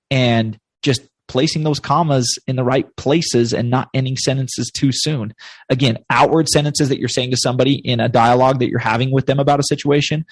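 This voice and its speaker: A man's voice: medium pitch, no room sound. A man speaking as a podcast guest in casual, emphatic and motivational talk, often acting out bits of self-talk.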